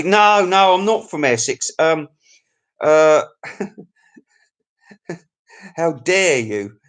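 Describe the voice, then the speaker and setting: Cheeky, rambling man on a live stream. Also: mid-range voice. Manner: cheeky, rambling and crude, with frequent laughs. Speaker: YouTube live-stream host. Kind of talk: casual live-stream chat reading viewer comments.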